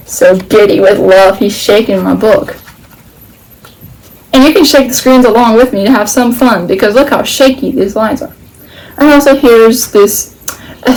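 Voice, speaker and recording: A woman reads a children's book aloud as the host of a storytime channel. Her voice sits a little high. She reads with playful, animated energy and breaks off for slangy jokes. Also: poor audio. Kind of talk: reading a children's book aloud with chatty asides.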